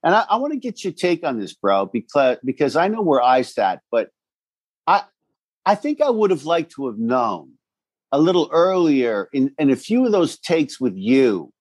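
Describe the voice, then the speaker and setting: A man's voice: fairly high pitch, normal speed, slightly rough, dry recording. Cursing man recalling old times. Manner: swearing, animated storytelling. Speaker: podcast co-host. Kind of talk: casual chat.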